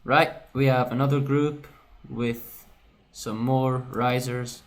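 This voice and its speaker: A man's voice: mid-range voice, steady tone, takes it slowly. A man walking through how he produced his own song, talking casually and correcting himself as he goes. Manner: casual and self-correcting, often says "right". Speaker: music producer. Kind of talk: screen-recorded production walkthrough.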